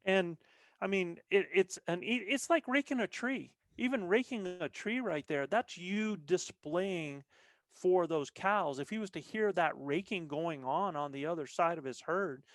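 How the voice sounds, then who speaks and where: A veteran elk bowhunter, on a podcast as a guest, explains things earnestly in casual conversation, often restarting his sentences. His voice sits high, his pace is measured, and the recording is dry.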